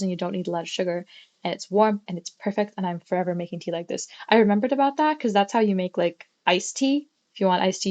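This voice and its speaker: A woman's voice: medium pitch, a little mellow. A young adult woman livestreaming from her bedroom at home, chatting casually in a rambling way and swearing now and then. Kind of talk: casual chat.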